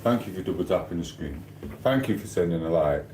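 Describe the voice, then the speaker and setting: Bloke rambling on his live stream, bit low, slangy and jokey, roomy echo. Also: lively intonation, fairly quick, a little mellow, slight background noise. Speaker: livestream host. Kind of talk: casual live-stream chat reading comments. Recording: roomy sound with faint ambience.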